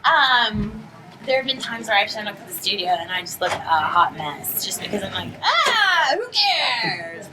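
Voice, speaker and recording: A young adult woman, a voice actress, telling bubbly, animated stories at a convention press conference. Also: mid-range voice, a crowd in the background, poor audio. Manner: bubbly, animated storytelling with quick asides. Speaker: voice actress and anime script writer, guest. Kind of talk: casual press conference answers. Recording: music playing in the background.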